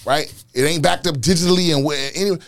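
A man hosting a casual podcast, ranting in a profane, animated way and repeating himself as he gets worked up. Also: on the high side, fast talker, no echo, clean studio sound. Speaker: podcast host, comedian.

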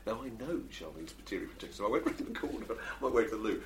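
A man hosting a radio chat show, telling anecdotes in an animated way and laughing at his own stories. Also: on the low side, rapid-fire, noisy background. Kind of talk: casual studio chat.

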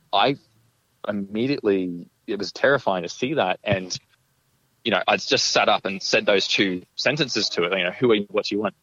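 A man's voice: sits low, dry recording, highs cut off. A man telling a personal story in a casual, rambling way, full of "like" and "you know.". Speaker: guest recounting an encounter.

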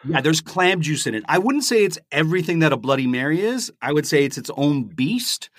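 A man's voice: on the high side, sing-song, a little fast, no echo, studio quality. A man from Canada co-hosting a casual podcast interview, asking direct questions. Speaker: podcast co-host.

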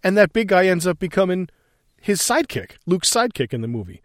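A man's voice: sits high, sing-song, fairly quick, no echo, studio quality. A man chatting casually as a podcast co-host, retelling film scenes and quoting lines. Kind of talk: casual chat.

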